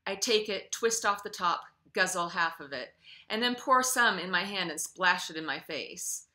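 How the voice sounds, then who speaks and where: Animated woman author reading aloud. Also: fairly low pitch, moderate pace. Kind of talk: reading her own novel aloud.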